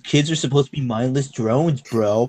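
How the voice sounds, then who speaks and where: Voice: medium pitch, moderate pace, darkish tone. Sarcastic speaker in a group chat. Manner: sarcastic, mocking. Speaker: podcast co-host.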